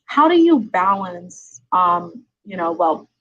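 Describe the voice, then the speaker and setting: A woman's voice: on the low side, big pitch swings, slow, muffled recording. A middle-aged woman hosting a live-streamed interview podcast from home. She chats casually and laughs often, with many ums and tag questions. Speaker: podcast host, attorney.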